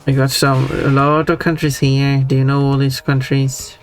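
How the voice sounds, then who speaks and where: A woman's voice: very deep voice, moderate pace. A woman streaming a game, chatting casually and laughing now and then as she browses options. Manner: relaxed, chatty, laughs often. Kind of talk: casual gameplay commentary. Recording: game music playing behind.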